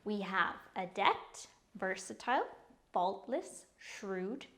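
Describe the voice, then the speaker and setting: A woman teaching English vocabulary, saying each word slowly and clearly several times before explaining it. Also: mid-range voice, lively intonation, fairly bright tone. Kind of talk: slow vocabulary lesson with repeated pronunciations.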